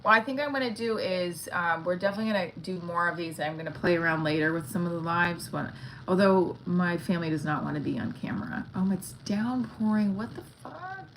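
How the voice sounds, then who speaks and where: A woman's voice: fairly low pitch, expressive, brisk, a little hiss or hum, poor audio. A woman comedian chatting frankly on a phone livestream from home, rambling and swearing casually. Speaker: stand-up comedian.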